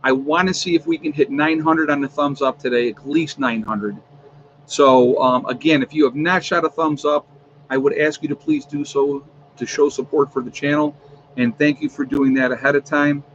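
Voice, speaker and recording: A fairly high-voiced man chats casually as he hosts a livestream from home, with plenty of ums and uhs. The audio is a little muffled, with a faint hiss underneath. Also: fairly even intonation, normal speed. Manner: chatty, with many ums and uhs. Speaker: livestream host. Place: home, on his homestead.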